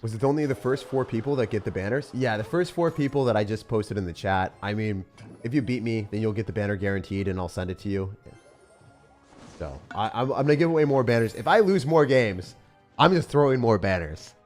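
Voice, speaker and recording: A man's voice: fairly low pitch, lively intonation, brisk, darkish tone, faint music behind. A young man streaming a game live, joking at his own expense and answering chat. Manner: self-mocking, jokey, reads and answers chat.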